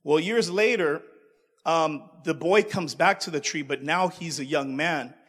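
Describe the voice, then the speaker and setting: A man's voice: on the high side, unhurried, fairly bright tone, long reverb tail. A male preacher delivering a sermon, calling out to the congregation and repeating himself as he goes. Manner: call-and-response, stumbling repeats.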